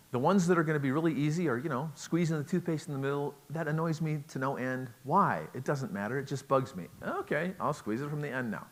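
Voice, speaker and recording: A middle-aged man giving a relationship talk at a conference, chatty and joking, asking the audience questions. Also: fairly high pitch. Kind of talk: lecture to a live audience.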